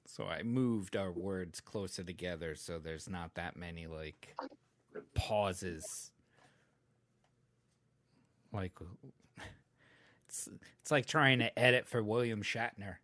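A man's voice: low-pitched, slow, pauses often, dry recording. A man hosting a podcast in casual chat, rambling with lots of fillers and casual swearing. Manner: close to the mic, sometimes trails off quietly. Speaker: podcast host and editor.

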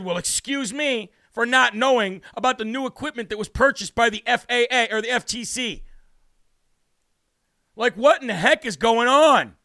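A man's voice: very high-pitched, sharp tone, dry recording. A man hosting a political talk show, ranting in a brash, sarcastic and indignant way. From United States. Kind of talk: ranting livestream commentary.

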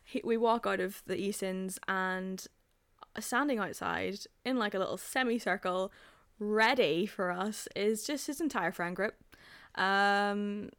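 A young woman from Northern Ireland, a podcast co-host, telling a story in casual chat and acting out quotes in high, excited voices. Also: a little slow, clean tone, dry recording. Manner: animated storyteller, acts out quotes in high voices, laughs often.

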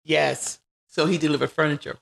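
Woman with a deeply gravelly voice. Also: moderate pace, a little hiss or hum. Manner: animated, acts out quoted dialogue. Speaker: guest. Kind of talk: casual interview storytelling.

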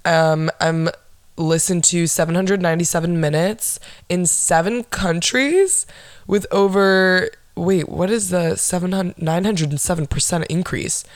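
A young woman rambles on her own podcast in a dry, sarcastic and profane manner, a casual solo chat. Her voice is lowish and measured in pace, with a dry recording.

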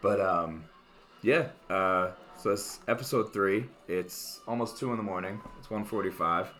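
A man's voice: on the low side, measured pace. A young man hosting a casual late-night podcast, talking loosely with lots of fillers. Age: young adult. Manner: relaxed, rambling with many fillers. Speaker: podcast host. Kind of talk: casual chat.

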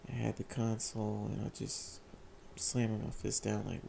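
A young man candidly telling a personal story in casual slang, often halting and repeating his words. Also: fairly low pitch, little pitch movement, vocal fry, dark tone, a little hiss or hum. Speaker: vlogger sharing a personal story.

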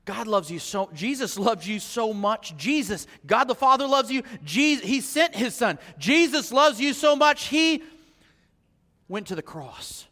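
A male pastor delivers a sermon in a church sanctuary. His voice sits very high and sounds bright and forceful. It swings from quiet reflection to fervent appeals, and a long hall reverb trails each phrase. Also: lively intonation, measured pace. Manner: swings from hushed to fervent preaching.

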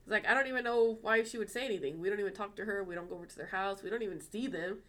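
Animated, cursing woman telling a story. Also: medium pitch, rapid-fire. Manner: animated, swears freely, acts out quoted dialogue. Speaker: podcast co-host. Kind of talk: casual storytelling chat.

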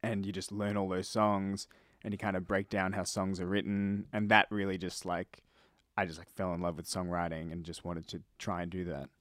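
In a recording studio, a young Australian man who is a musician guest chats casually in a low voice at normal speed with no room sound. He's relaxed and fills his interview talk with plenty of "like" and "you know".

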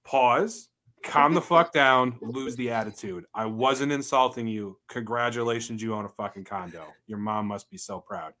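A man co-hosting a casual podcast, ranting in a profane, animated way while telling stories about his work. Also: mid-range voice, normal speed. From Georgia, US. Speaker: podcast co-host. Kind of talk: casual chat.

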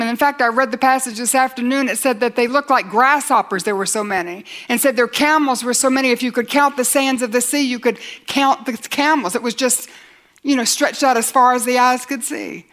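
Woman preacher, slightly higher voice, earnest sermon delivery that builds with repetition and drops to near-whispers. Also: brisk, fairly bright tone. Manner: builds with repetition and rising lines.

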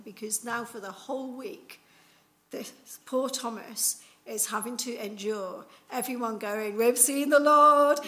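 A woman's voice: on the high side, poor audio. A woman preaching an Easter sermon in a chatty, conversational way, acting out the people in the story as she tells it. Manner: casual, chatty with fillers like "like" and "you know".

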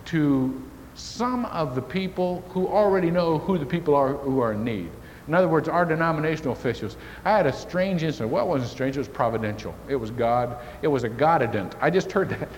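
A man preaching a sermon as pastor, telling a folksy story to make his point. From Indiana. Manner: folksy storytelling with lively shifts in pitch. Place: church sanctuary. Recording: church hall reverb, faint hiss.

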